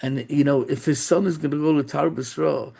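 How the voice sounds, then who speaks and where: A rabbi tells a story in a sermon in a gravelly, husky voice that sits a little high for a man. His tone is dark and mellow, and his delivery is halting, with many restarts and repeated words.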